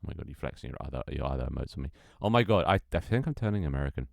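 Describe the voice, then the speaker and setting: This young Brit with a British accent is very animated and rapid-fire on his live stream, with an extremely low, gravelly voice. He's chatty, reads chat aloud, swears and laughs often. The recording is studio quality with no room sound.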